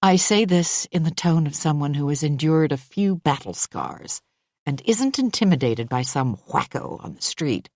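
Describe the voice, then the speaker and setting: A woman narrating a thriller audiobook in the first person, measured and even. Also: low-pitched, no echo, studio quality.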